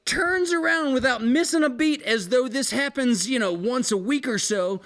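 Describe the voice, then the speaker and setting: A man hosting a casual live music stream, rambling through an animated story with restarts and casual swearing, talking from home. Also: extremely high pitch, normal speed. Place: home, with balcony and fire pit.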